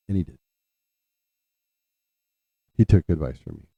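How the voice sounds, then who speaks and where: A man's voice: sits low, lively intonation, a little slow, creaky, long pauses, breathy edge, no room sound. A man telling a personal family story in a rambling way, often restarting his sentences. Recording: dull lo-fi, dry.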